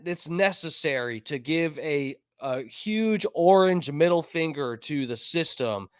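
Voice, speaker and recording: A man with a high voice delivers a heated, profanity-laced rant at an unhurried pace. He circles back over the same points and swears constantly. The sound is dry and close, with no room echo. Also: a bit bright, clear, resonant tone. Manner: angry, profane, repetitive. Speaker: online commentator.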